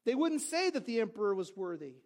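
A man preaching a sermon as pastor, in a conversational way with quick asides and restarts. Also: high-pitched, big pitch swings.

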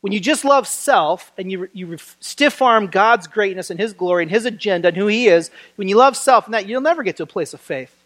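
Male preacher, animated and conversational, voices the people he quotes. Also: sits high, brisk, hardly any pauses. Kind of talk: sermon.

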